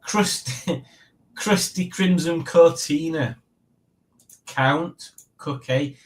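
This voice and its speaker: Here the host talks in a sing-song, slightly bright medium voice at a somewhat slow pace. It's a loose, casual livestream chat where he wanders from topic to topic and mocks himself.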